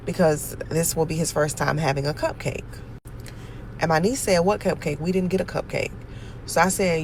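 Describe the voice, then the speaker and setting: A woman telling a story about her niece and nephew in a casual vlog, animated and exasperated, with sudden loud outbursts. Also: lowish voice, normal speed, vocal fry, slight background noise, rough recording. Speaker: aunt telling a family story.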